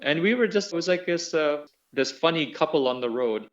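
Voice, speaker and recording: A man's voice: a little high, a little fast. Laughing man telling road stories. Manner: laughs often, animated storytelling. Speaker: guest musician. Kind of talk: casual reminiscing interview. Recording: dull lo-fi audio.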